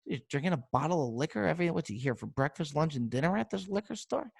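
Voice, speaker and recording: A man voicing a young woman on a date who reacts in hushed disbelief. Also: on the high side, animated, fast, creaky, breathy edge, no room sound, studio quality, heavily acted. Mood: incredulous.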